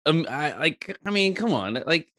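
A man telling a story as a podcast co-host, animated and rambling with lots of fillers and swearing. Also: a little high, normal speed, a little hiss or hum. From Eritrea. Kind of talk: casual storytelling chat.

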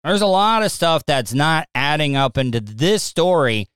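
A man's voice: on the high side, big pitch swings, moderate pace, a bit bright, clean tone, no echo, studio quality. A man reacting to a news clip in casual commentary, blunt and mocking. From Southern United States.

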